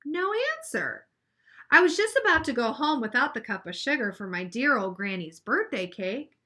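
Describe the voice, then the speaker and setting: A woman reading aloud as a sly, smooth-talking male wolf telling his side of a storybook tale. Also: on the high side, expressive, moderate pace, bright, forceful tone. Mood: wry.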